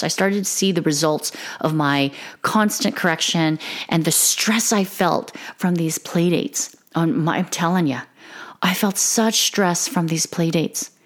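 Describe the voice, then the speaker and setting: A middle-aged woman giving an earnest, emotional, candid monologue to other mothers about her parenting. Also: on the low side. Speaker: parenting podcaster. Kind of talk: confessional monologue.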